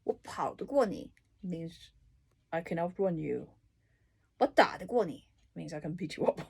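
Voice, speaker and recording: A woman reading through dictionary entries and explaining each one with everyday examples, in an unhurried, casual way. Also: fairly low pitch, animated, vocal fry, breathy edge. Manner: unhurried, explaining words with examples, soft asides. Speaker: language tutor.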